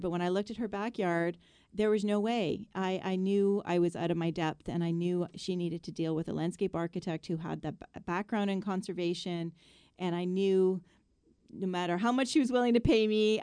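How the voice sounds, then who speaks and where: A woman's voice: lowish voice, a little mellow, clear, resonant tone, dry recording. Chatty woman radio host. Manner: chatty, rambling, many fillers. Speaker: radio show host, landscape designer. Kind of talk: casual radio talk show chat.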